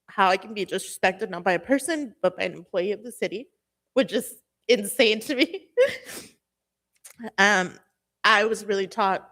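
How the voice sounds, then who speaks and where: A woman's voice: medium pitch, a bit bright. A young woman from Southern California speaks at a city meeting's public comment, nervous and emotional. Her speech halts often and is full of fillers.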